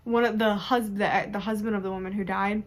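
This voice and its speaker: A young adult woman reviewing a book in casual chat, animated and chatty, who often laughs and acts out her own reactions. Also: mid-range voice, a little fast.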